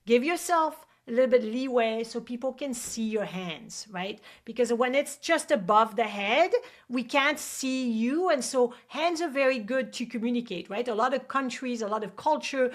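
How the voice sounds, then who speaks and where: A woman with a French accent hosting a show and coaching guests, energetic and often checking in with "right?". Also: on the high side, moderate pace. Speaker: host and acupuncture coach. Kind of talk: coaching advice in a video call show.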